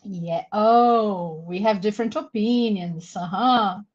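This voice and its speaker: A woman's voice: mid-range voice, a little mellow. A woman with a Brazilian accent leading a live online webinar for English teachers, carefully explaining pronunciation and encouraging participants by name. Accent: Brazilian Portuguese. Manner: encouraging, reads out names from chat; slow, careful word-by-word explanation. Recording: muffled lo-fi webinar audio.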